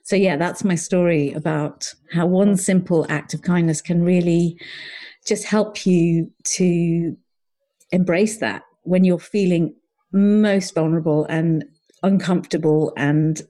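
Earnest, mellow-voiced woman telling her story. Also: lowish voice, steady tone, measured pace. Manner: earnest, reflective, often quotes her own thoughts. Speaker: podcast guest, coach. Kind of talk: personal storytelling.

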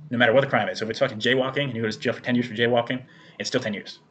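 Young man, rapid rambling speech, swears a lot, casual podcast chat. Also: mid-range voice, steady tone, fairly bright tone. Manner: rambling, profane storyteller.

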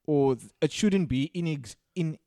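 Animated man, dry close sound. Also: a little high, normal speed, no room sound. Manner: animated, profane, rants with sudden loud bursts. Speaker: podcast co-host. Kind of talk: casual podcast chat.

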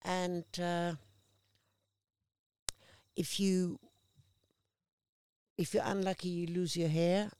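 A woman's voice: lowish voice, extremely slow, pauses often, clear, resonant tone. A woman from Australia, an interview guest, telling stories in casual conversation and acting out the voices of the people in them. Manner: animated storyteller acting out quoted voices.

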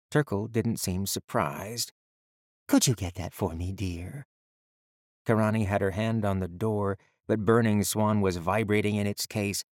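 A man narrating an audiobook in a steady, measured storytelling manner. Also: on the low side, no room sound, studio quality.

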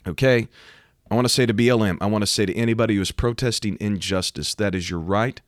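An American man, a preacher, talking emphatically about faith and current events and rising to loud, animated outbursts. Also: lowish voice, fast talker, no room sound, studio quality. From United States. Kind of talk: preaching commentary to camera.

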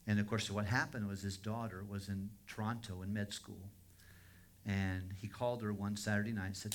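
A man's voice: lowish voice, flat delivery, normal speed, a little hiss or hum. A man preaching a sermon as a pastor, in a conversational storytelling manner that circles back on itself. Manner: conversational storytelling, with frequent restarts.

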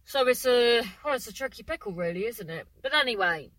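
A woman's voice: on the high side, animated, a little fast, a bit bright, no echo, poor audio. A woman, hosting a casual solo podcast, rambling and breaking off her own sentences. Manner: rambling, chatty, keeps breaking off mid-sentence; exclamatory. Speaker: podcast host.

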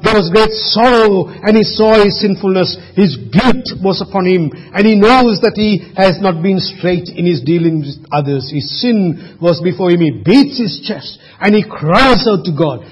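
A man preaching a sermon, asking the congregation questions and dropping his voice to a hush for emphasis. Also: sits high, breathy edge, long reverb tail. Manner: rhetorical questions, sudden drops to a hush. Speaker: pastor.

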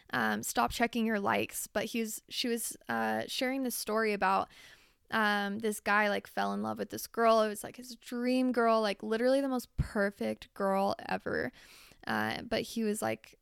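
A woman's voice: on the high side, steady tone, moderate pace, creaky, a bit bright, smooth, no echo, clean studio sound. A woman hosting a podcast, talking candidly and confessionally in a chatty way and swearing casually. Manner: chatty, with frequent fillers. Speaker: podcast host. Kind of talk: casual solo podcast monologue.

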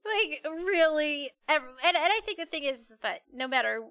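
A young woman with a New Jersey accent chats in a lively, opinionated way. Her voice sits a little high and sounds bright and forceful. She laughs easily as she talks. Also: a little fast. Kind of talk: casual chat.

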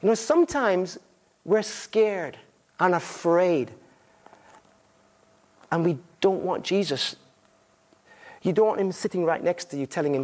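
Male visiting preacher with a high, lively delivery, storytelling and playing out the characters' lines. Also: a little slow, pauses often. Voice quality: married. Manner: animated storytelling, acting out voices in quotes. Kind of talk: sermon.

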